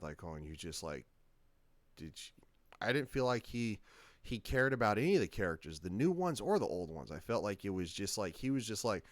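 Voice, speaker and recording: A man's voice: on the low side, big pitch swings, moderate pace, no room sound. A man hosting his own reaction channel, talking in a casual, rambling way with many fillers and restarts. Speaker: channel host.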